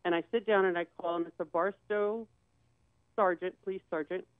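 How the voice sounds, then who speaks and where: A woman guest recounts a personal story, acting out each back-and-forth line of dialogue as she goes. Her voice is smooth and clear. It comes through a narrow, phone-like line with a dry, close sound. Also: fairly low pitch, fairly even intonation, normal speed, no room sound. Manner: retells conversations with quoted dialogue.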